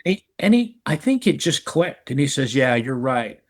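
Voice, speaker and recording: A man's voice: mid-range voice, sing-song, moderate pace. A middle-aged man telling a personal recovery story in casual chat, earnest, often repeating words and restarting. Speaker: recovery podcast guest.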